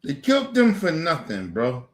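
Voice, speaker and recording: A man in an angry, profane rant, repeating himself, swearing constantly, swinging from near-shouts down to low mutters. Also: wildly swooping pitch, moderate pace, roomy sound. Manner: heated, repetitive, swears constantly, rising to near-shouts then dropping low. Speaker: streamer ranting on camera.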